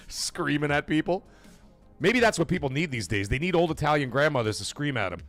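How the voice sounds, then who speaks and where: Soft music plays in the background as a gaming livestream host rants quickly and casually. He's animated and profane, with big leaps in pitch and sudden loud outbursts.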